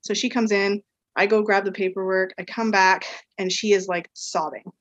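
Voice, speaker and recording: A woman's voice: mid-range voice, steady tone, moderate pace, fairly bright tone, no echo, highs cut off. A woman guest on a podcast, telling a personal story in a casual, rambling way full of "like" and "um". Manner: rambling storyteller, heavy use of "like" and "um". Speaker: podcast guest, equine therapy practitioner.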